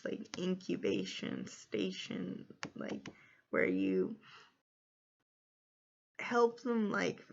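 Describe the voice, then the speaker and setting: A woman in her thirties talks her way through a casual tarot reading, drifting chattily from idea to idea. Her delivery is unhurried and gravelly with vocal fry. The recording sounds a little dull and lo-fi. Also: medium pitch. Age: 30s. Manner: meandering, chatty, free-associating. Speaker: tarot card reader. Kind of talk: casual pick-a-card reading.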